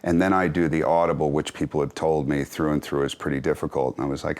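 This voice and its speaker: Deep-voiced man, wry and reflective. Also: level tone, quick pace, darkish tone. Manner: reflective, wry, self-deprecating, chuckling. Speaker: actor and author, interview guest. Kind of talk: candid conversational interview.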